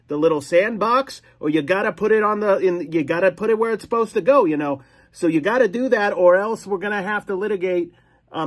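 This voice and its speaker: A man's voice: high-pitched, voice pushed up. A man playing a stern, pompous mock lawyer who lectures and rambles in a comedic bit.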